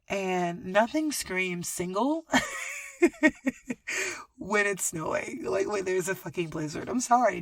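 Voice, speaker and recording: A woman in her thirties hosting a podcast, telling a personal story in a frank, expressive way, with swearing and laughter. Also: lowish voice, no echo. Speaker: podcast host. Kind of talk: candid storytelling monologue.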